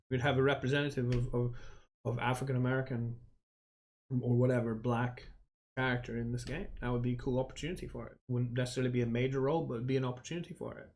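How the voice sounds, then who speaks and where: A man's voice: medium pitch, level tone, fast, a little mellow. A man streaming a game and giving a rambling, opinionated rant with many restarts, swearing casually. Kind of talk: casual live-stream commentary.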